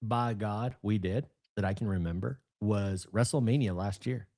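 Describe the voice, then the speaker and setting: A man in his thirties co-hosting a casual podcast, an animated storyteller who bursts into excited emphasis. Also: on the low side, moderate pace. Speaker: podcast co-host.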